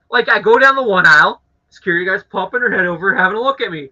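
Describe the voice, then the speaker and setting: A young man from Canada hosting a live stream, telling an annoyed story to his chat in a casual, animated way with swearing. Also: high voice, a little fast. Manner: animated, swearing, acts out angry voices. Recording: dull lo-fi audio.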